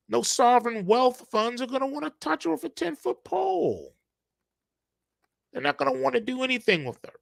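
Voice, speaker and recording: Animated, gravelly-voiced man riffing on markets. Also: extremely high pitch, no room sound, clean studio sound. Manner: animated, streetwise slang, playful storytelling. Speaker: trading channel host. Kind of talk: casual market commentary told through slangy analogies.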